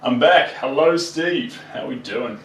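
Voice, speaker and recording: A man's voice: mid-range voice, unhurried, a bit bright, roomy sound, far from the mic, a little hiss or hum, poor audio. A man with a New Zealand accent chatting playfully with viewers as he paints on a live stream. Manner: chatty, playful, talks to viewers while working.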